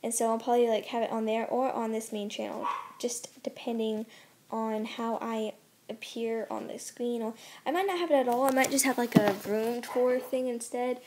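A woman's voice: on the high side, steady tone, moderate pace, background noise. Chatty woman losing her voice. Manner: chatty, rambling, thinking aloud while building. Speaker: gameplay channel host. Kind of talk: casual gameplay commentary.

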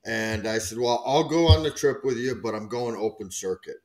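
A man who used to run dive charters, telling a story casually at a round table in an easygoing, drawn-out way. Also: medium pitch, lively intonation, a little mellow. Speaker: guest diver, former charter captain.

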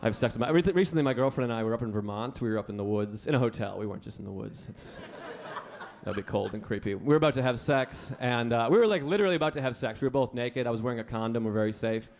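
A man's voice: medium pitch, fast, a little mellow. A man performing a live stand-up set on a comedy club stage, telling stories casually and often slipping into acted-out quotes. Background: audience laughter and faint room noise.

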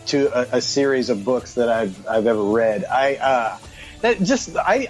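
A man in his thirties co-hosting a podcast, a father who reflects on a book thoughtfully and haltingly. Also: medium pitch, poor audio. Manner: thoughtful, halting, many fillers. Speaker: podcast co-host. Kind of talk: casual book discussion.

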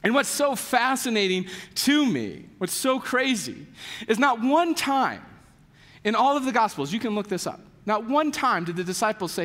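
A very high-voiced man preaches at a normal speed in a church sanctuary, a long reverb tail following his words. As pastor, he tells stories casually and brings the people in them to life with voiced quotes, sprinkling in plenty of "like."

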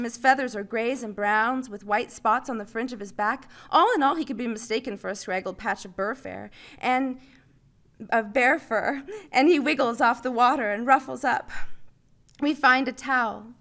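A woman reads her own story aloud with lively, expressive narration. Her voice is bright and a little high. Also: normal speed. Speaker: writer reading her story. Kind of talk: live story reading.

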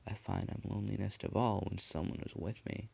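A man's voice: low-pitched, normal speed, creaky. A man voicing a frail, blind old male killer who stammers and pleads. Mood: pleading.

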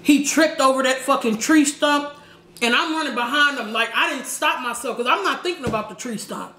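A woman vlogger telling a slangy, animated story while eating, with shouted sound effects. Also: high voice, a little fast. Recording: echoey room with faint background noise.

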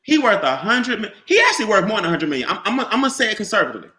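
Man, high voice, piercing bright tone, animated motivational pitch, repeats himself, echoey room. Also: very fast. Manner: animated, repetitive, preachy, addresses listeners by name. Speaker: business opportunity presenter. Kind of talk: motivational sales talk.

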